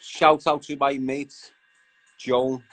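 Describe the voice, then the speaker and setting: A man's voice: medium pitch, little pitch movement, takes it slowly, a bit bright, faint music behind, low-quality recording. A young man hosting a casual live stream, bantering with viewers in a slangy, chatty way. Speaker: livestream host.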